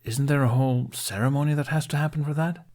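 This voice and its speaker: A man's voice: mid-range voice, fairly even intonation, fast, darkish tone, voice pushed up, lightly acted. A man voicing a mischievous, teasing young trickster who smirks and quips. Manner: playful, smirking.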